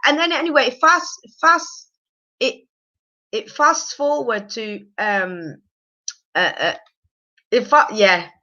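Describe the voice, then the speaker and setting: A woman recapping a reality show on a casual live stream, animated and opinionated, rambling with fillers. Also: fairly high pitch, slow, pauses often, lo-fi sound.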